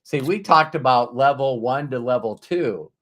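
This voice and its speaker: A middle-aged man hosting a talk show, speaking in an easy, mid-pitched voice. He tells stories with energy, swears casually and slips into the voices of the people he describes. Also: normal speed. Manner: animated storyteller who acts out quoted voices and swears casually. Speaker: podcast host. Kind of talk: casual conversational storytelling.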